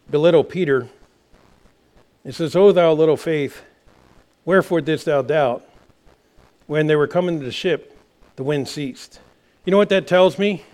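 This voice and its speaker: Man, pastor preaching, high voice, passionate, builds to shouts. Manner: impassioned preaching, rising to shouts. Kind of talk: sermon.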